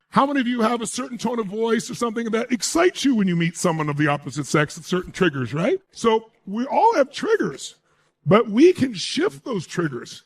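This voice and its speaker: A man delivering a motivational speech to a live crowd, his fairly high voice leaping up and down in pitch. He hammers his points home and keeps firing rhetorical questions at the listeners. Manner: emphatic, asks the audience rhetorical questions. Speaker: motivational speaker.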